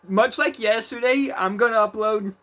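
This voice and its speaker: Playing a card game, a gaming video creator with a notably high-pitched, bright voice keeps up loose commentary in a forceful tone at normal speed. He swears freely, rambles, and repeatedly stops to restart his sentences; there's no echo.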